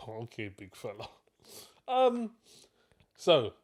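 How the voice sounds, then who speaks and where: A man's voice: medium pitch, huge pitch swings, drawn-out words. A young man, co-hosting a film review podcast in casual chat, giggling and teasing a lot. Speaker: podcast co-host reviewing films.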